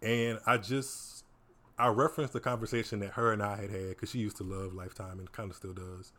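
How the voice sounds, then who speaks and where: A young man, telling personal stories as a podcast guest in a casual, animated way. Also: fairly low pitch, brisk. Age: 20s. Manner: animated, laughing storyteller. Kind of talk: casual chat, storytelling.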